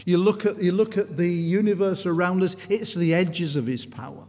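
A man's high-pitched, darkish voice moves at a moderate pace through an earnest sermon story. He restarts sentences frequently and builds in intensity, and long hall reverb fills the recording.

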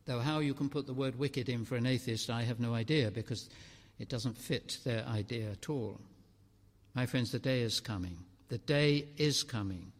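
A man delivers a sermon in a fairly high voice, rising to loud declarations and dropping to near-quiet. His words ring out with a long reverb, as if spoken in a large hall or church. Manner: dramatic preaching, swinging between loud and hushed. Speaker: preacher.

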